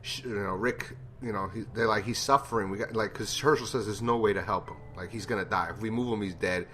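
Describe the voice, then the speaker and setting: A man's voice: lowish voice, steady tone, brisk, a bit bright, soft background music. A man giving a casual, rambling TV episode review, blunt and profane in his opinions. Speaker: TV show reviewer.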